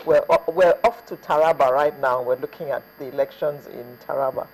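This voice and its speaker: A man's voice: medium pitch, a little fast, darkish tone, slightly rough, rough recording. A man hosting a morning TV talk show in a studio, chatty with hesitant fillers as he sets up the news and introduces guests. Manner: chatty, hesitant fillers, reads names off a list.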